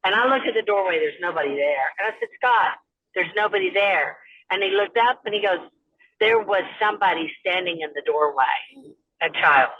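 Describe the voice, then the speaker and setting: A woman's voice: mid-range voice, animated, normal speed, slightly rough. A woman phones in her haunted-house story and acts out the voices of the people in it. The line sounds dull and muffled. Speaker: caller.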